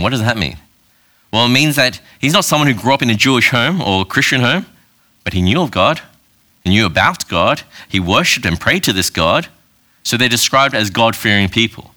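A man's voice: fairly low pitch, sharp tone. A man preaching a sermon in a conversational way, often asking the congregation questions and checking in with "all right". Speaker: pastor.

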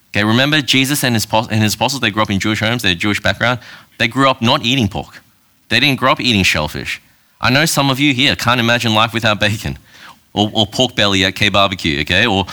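Male pastor, conversational sermon delivery, bright edge, slightly low voice. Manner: conversational, asks the audience questions, frequent "all right".

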